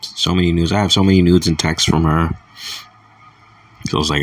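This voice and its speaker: A man's voice: low-pitched, steady tone, brisk, dry recording, recorded from a distance. A young man talking in a crude, rambling casual monologue, chuckling between thoughts. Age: young adult. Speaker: vlogger.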